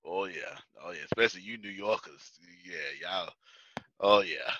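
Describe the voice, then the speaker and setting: A man's voice: sits low, very animated, normal speed, gravelly, bright, forceful tone, dry recording, dull audio. A man teaching a business class in a chatty, casual way, laughing often and repeating himself. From United States. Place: Houston.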